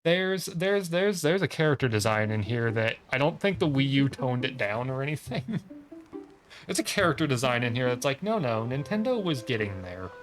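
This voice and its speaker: A man's voice: mid-range voice, sing-song, normal speed, soft background music. A man streaming a video game, joking in casual commentary and reading the dialogue aloud in silly voices.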